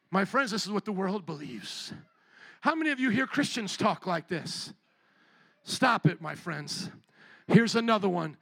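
A middle-aged man preaching with a high, bright voice that rises into shouts for emphasis. He mocks popular sayings. The sound is dry and close. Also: lively intonation, moderate pace, creaky, no echo. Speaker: pastor. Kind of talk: sermon.

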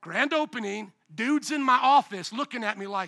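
A man's voice: extremely high pitch, normal speed, pushed and bright, no echo. A man, a pastor, preaching a sermon in an emphatic, conversational way and often asking the congregation questions.

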